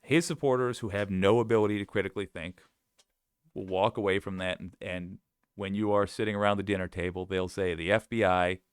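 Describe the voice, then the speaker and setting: A man's voice: lowish voice, fairly even intonation, a little fast, clean tone, no echo, clean studio sound. A man hosting political commentary, reading quotes aloud and mocking them in a sarcastic, scoffing way. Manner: sarcastic, scoffing, frequent laughs.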